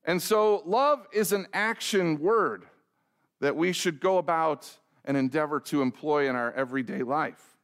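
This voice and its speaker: A man's voice: fairly high pitch, measured pace, a bit bright, clean tone. A middle-aged man preaching as a pastor, telling a self-deprecating story and asking the congregation direct questions. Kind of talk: sermon with a humorous personal story.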